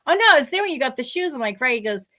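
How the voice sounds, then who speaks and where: A woman co-hosting a casual talk show, telling animated stories and acting out what other people said. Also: high voice, very fast. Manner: animated storyteller, acts out other people's lines. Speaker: podcast co-host. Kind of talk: casual chat, storytelling.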